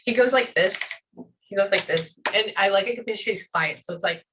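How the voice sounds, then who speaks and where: A woman working as a psychic medium, relaying messages in a reading, often pausing with "hang on" before carrying on. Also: medium pitch, background noise. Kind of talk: one-on-one reading session.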